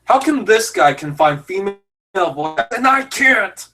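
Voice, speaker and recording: A man's voice: high-pitched, lively intonation, unhurried, sharp tone, slight background noise, poor audio. A man giving casual, jokey commentary over a fan film, rambling and self-deprecating. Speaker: YouTube commentator.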